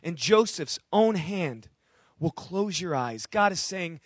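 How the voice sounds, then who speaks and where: A man's voice: high-pitched, animated, slow pace, no echo, clean studio sound. A man preaching a sermon, earnest and emphatic, with repeated phrases and direct questions to the congregation. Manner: asks the audience questions directly. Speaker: pastor.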